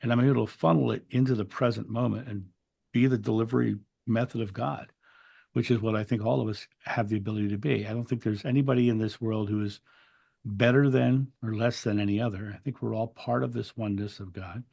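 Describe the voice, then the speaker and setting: A man's voice: fairly low pitch, steady tone, fairly quick, vocal fry, dark tone. A man telling a spiritual story in an interview, earnest and reflective, often restarting his words. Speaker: interview guest.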